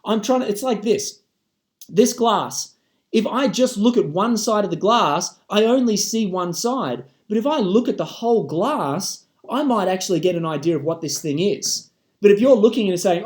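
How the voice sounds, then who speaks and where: A man's voice: high-pitched, lively intonation, fairly quick, darkish tone. An Australian man in an impassioned monologue to camera, emphatic and swearing casually.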